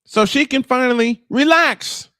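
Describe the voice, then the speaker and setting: Very high-pitched and a little slow, his voice comes across bright and forceful. The speaker, a livestream host in his fifties with his camera off, is angrily venting in an emotional monologue, cursing and repeating things for emphasis. The recording is dry and studio quality.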